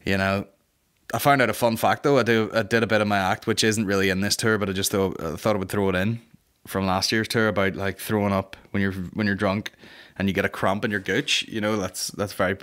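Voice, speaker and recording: A young man hosting a podcast, telling a sweary, rambling comic story and slipping into quick comic voices. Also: on the low side, flat delivery, a bit bright. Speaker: podcast host. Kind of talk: casual comedic storytelling.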